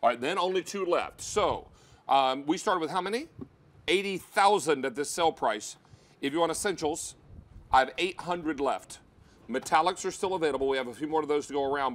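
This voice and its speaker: A man's voice: fairly high pitch, a little fast, fairly bright tone. A man hosting a live home-shopping show, giving chatty, upbeat selling patter about a kitchen appliance. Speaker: TV shopping host.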